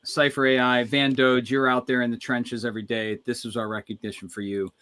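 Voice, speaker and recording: A man's voice: mid-range voice, level tone, a little fast, pushed and bright, smooth. A man hosting a casual livestream, upbeat and hyping things up, often restarting his sentences. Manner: upbeat hype, rambling restarts. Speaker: livestream host.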